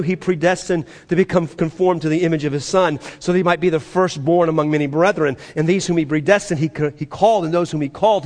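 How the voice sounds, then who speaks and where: A man preaching a sermon, animated and acting out the voices he quotes, his voice rising and dropping sharply. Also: fairly high pitch. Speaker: pastor.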